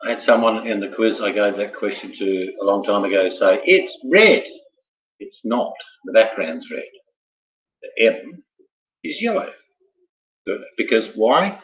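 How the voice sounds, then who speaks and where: A man runs a casual quiz, reading questions and wandering into jokey, rambling asides. His voice sits on the low side. The sound is roomy and a little dull, like a lo-fi home recording. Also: lively intonation, measured pace. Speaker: quiz host. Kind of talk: casual live quiz hosting.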